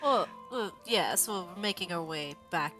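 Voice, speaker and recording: A courteous young male adventurer, as a woman player puts him on, full of polite flattery and careful dodges. The voice is bright and clear over faint background music. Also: lowish voice, moderate pace, voice pushed down. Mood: evasive. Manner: courteous, evasive.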